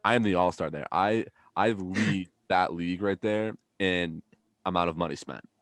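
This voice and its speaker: Deep-voiced young guy telling stories. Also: normal speed, no echo. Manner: animated storytelling, swears freely. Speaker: podcast host. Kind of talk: casual chat.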